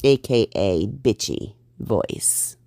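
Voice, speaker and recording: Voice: mid-range voice, animated, slow pace, gravelly, mellow, dry recording. A reaction channel host giving blunt, sarcastic and profane commentary on a clip.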